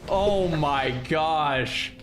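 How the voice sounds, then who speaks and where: A man from the United States hosting a stream, chatting casually in an animated, playfully teasing way. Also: on the high side, extremely slow. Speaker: streamer host.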